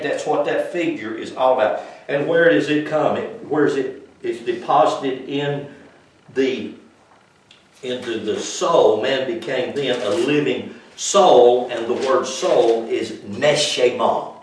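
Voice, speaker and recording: A man's voice: medium pitch, slow pace. Folksy preacher man in an echoey room. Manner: swings from loud preaching to quiet explaining, folksy grammar. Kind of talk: informal sermon teaching. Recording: echoey room, mic far off.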